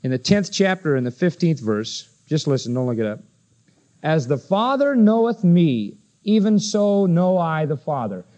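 A man preaching an expository sermon, emphatic, firing rhetorical questions at his listeners and slowing down to read scripture aloud. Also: a little high, big pitch swings, a little mellow. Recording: dull lo-fi sermon recording.

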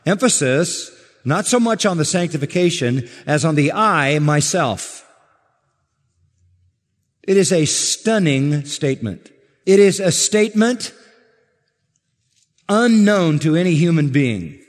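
A man delivers a sermon with a slightly high voice, pressing each point with slow, deliberate emphasis. His words ring out with the long reverb of a large church hall. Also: animated. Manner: measured, emphatic preaching with slow stressed phrases. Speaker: pastor.

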